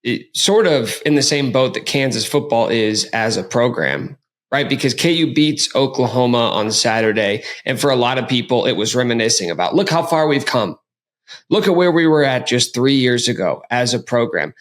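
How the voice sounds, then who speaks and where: A man hosting a casual sports podcast, talking in an energetic, joking way. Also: mid-range voice, moderate pace. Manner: energetic, hyped, jokey. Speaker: podcast host.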